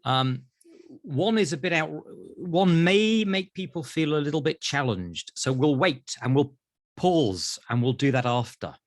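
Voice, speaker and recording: A British man, a therapist, telling animated stories in an interview and acting out voices. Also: fairly high pitch, a little slow, no room sound, studio quality. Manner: acts out voices in anecdotes. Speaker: therapist guest.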